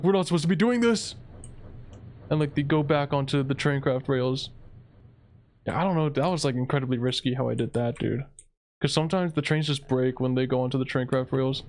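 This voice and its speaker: Faint game music plays as a young gaming creator narrates his own gameplay in a rambling, relaxed way, throwing in "dude" frequently. His voice is a little high, clear, and resonant.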